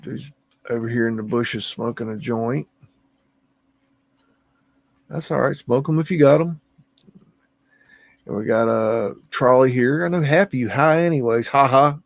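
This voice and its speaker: A man's voice: medium pitch, unhurried, gravelly, long pauses, no room sound. A man hosting a livestream, musing aloud and easily amazed as he comments on photos, humming to himself between remarks. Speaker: livestream host.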